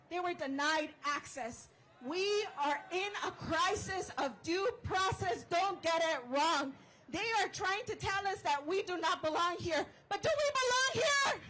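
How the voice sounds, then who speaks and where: A woman's voice: very high voice, fairly bright tone, low-quality recording. A woman who is an immigrant giving an impassioned rally speech outdoors, leading the crowd in chants. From immigrant, from outside the US. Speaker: rally speaker.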